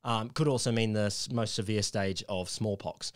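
A man from Australia co-hosting a casual podcast, quizzing his guests on old terms, laughing often and pausing with ums and restarts. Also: lowish voice, steady tone, no echo, clean studio sound. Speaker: podcast co-host quizzing the others. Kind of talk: casual comedic chat.

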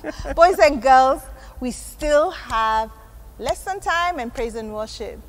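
A woman's voice: sits high, animated, slow pace, slight background noise, poor audio. A woman hosting a children's church show, chatting casually and giggling often. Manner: bright, giggly, responsive. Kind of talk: casual chat on a kids' show.

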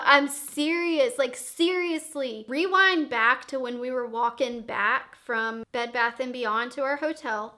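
A young woman vlogger telling a dramatic story in a casual, profane, animated way. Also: sits high.

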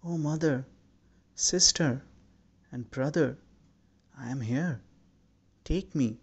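A man's voice: medium pitch, fairly even intonation, slow pace, vocal fry, muffled recording, pitched above the performer's own voice. A man voicing a yearning young boy who pleads with his lost family. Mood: pleading.

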